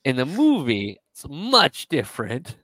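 A man co-hosting a casual podcast, retelling a story in a rambling way, full of fillers and quick quoted asides. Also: mid-range voice, huge pitch swings, bright, forceful tone, no echo, poor audio. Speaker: podcast co-host.

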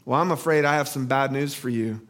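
A man's voice: mid-range voice, brisk, fairly bright tone, voice pushed down, natural voice. A man voicing a stern, gloating male calculus professor in a spoken sermon story.

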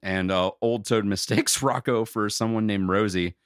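Male co-host, low voice, dry close sound, rambling casual recap. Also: fairly even intonation, normal speed, clear, resonant tone, no room sound. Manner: rambling, frequent fillers. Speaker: podcast co-host. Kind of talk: casual chat recapping a cartoon.

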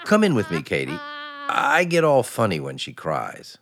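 An actor playing a fretful, bumbling husband whose pitch leaps when he gets nervous, in 1940s radio acting style. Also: wildly swooping pitch, moderate pace, a bit bright, heavily acted. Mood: flustered. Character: fretful middle-class husband, jumpy and bumbling.

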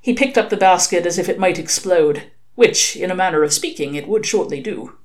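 A woman reading a novel aloud with lively, expressive narration. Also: on the low side, a little fast. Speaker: reader.

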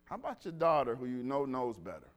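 A man preaching a lively sermon, telling stories and calling the congregation to respond. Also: medium pitch, fast talker. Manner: animated, call-and-response with congregation.

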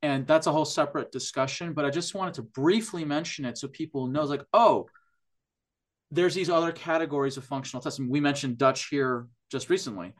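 A man's voice: on the high side, fairly even intonation, fast, hardly any pauses. Enthusiastic man explaining health testing. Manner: enthusiastic, explanatory, with frequent restarts and "like". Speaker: functional medicine practitioner, podcast guest. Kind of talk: casual podcast interview.

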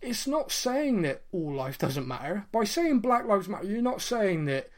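With a high, very animated voice at a moderate pace, a man in his late thirties tells a personal story on a podcast he co-hosts. The chat is casual, and he sounds earnest and reflective, stumbling into fillers and restarts.

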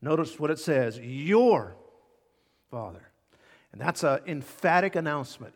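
A man preaching a sermon as pastor, emphatic, repeating key words and swinging between loud and hushed. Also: a little high, lively intonation, measured pace, long pauses. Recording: long hall reverb.

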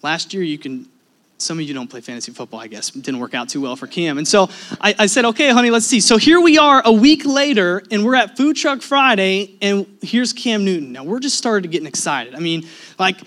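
A man preaching a sermon as a pastor, telling personal stories in an animated way, swinging between loud emphasis and hushed asides. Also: sits high, a little fast.

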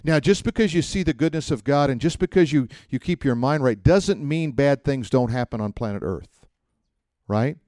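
Guy pastor teaching a class, chatty and animated, acts out little quotes, middle pitch, dry close sound. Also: no room sound. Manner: animated storytelling, acts out quotes, asks the room questions. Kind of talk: conversational sermon.

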